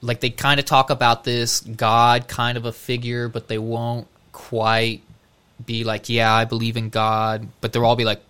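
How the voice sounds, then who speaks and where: A man's voice: medium pitch, monotone, unhurried, a bit bright, clear, resonant tone. A man co-hosting a podcast, chatting casually and acting out quotes as he tells stories. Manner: chatty storyteller, acts out quotes. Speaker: podcast co-host. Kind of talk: casual chat.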